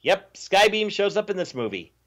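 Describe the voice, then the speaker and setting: High-voiced sarcastic man reviewing a movie. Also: sing-song, moderate pace, a bit bright. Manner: sarcastic, mocks characters with exaggerated voices. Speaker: podcast host. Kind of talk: casual movie review chat.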